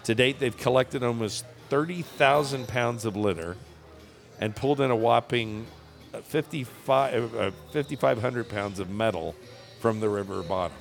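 Creaky-voiced man telling a story. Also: mid-range voice, normal speed, faint music behind. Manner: joking, rambling with fillers. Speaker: podcast co-host reading a news story. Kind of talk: casual comedic chat.

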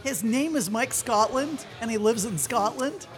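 A woman's voice: fairly high pitch, expressive, a little slow, faint music behind. A woman co-hosting a casual comedy podcast, asking dry teasing questions and giggling. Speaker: podcast co-host.

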